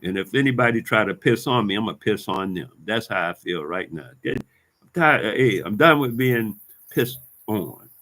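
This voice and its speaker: A man in a fired-up vlog rant, cursing freely and hammering the same points again and again. His voice sits on the lower side, and he talks in loose, casual street slang. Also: expressive, normal speed, fairly bright tone. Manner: heated, profane, repetitive street talk. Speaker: vlogger. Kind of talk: ranting monologue to camera.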